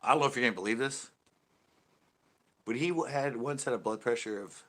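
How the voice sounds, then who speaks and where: Speaking briskly in a mid-range, slightly bright voice, a channel host talks to his live chat from the porch at home. His casual story wanders, with plenty of restarts and self-corrections along the way.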